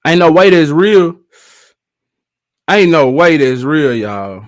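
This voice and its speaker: A man's voice: a little high, very animated, slow. A man hosting a reaction video, incredulous and joking in casual commentary.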